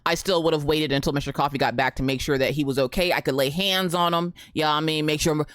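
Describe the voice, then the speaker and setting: A woman's voice: low voice, fast talker, dry recording, clean studio sound. A woman in her thirties chatting casually on a live stream, greeting viewers by name and telling a story. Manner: animated, greets chat by name, Southern "y'all".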